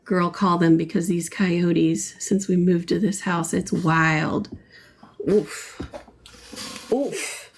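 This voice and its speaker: Slow, gravelly-voiced woman hosting a livestream. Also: on the low side, fairly even intonation, a little mellow. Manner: chatty, playful, reads and answers comments. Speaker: livestream host. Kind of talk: casual chat while painting live.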